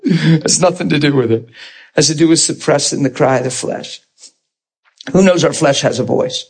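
A man's voice: on the high side, normal speed, darkish tone, breathy edge. A man preaching a conversational sermon in an informal, plain-spoken way, often checking in with his listeners.

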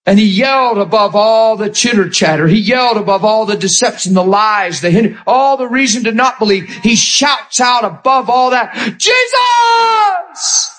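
A man preaching a sermon with impassioned storytelling, acting out scenes and often shouting. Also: high voice, normal speed, hardly any pauses.

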